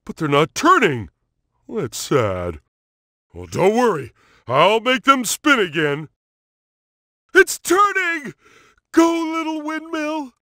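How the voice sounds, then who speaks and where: An actor playing a dim, cheerful cartoon starfish who plays at being a superhero, with a goofy, childlike and emphatic way of talking. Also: male voice, extremely high pitch, huge pitch swings, slow, long pauses, pushed and bright, no room sound, clean studio sound, exaggerated voice. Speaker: video game character. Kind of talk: cartoon game voice clips.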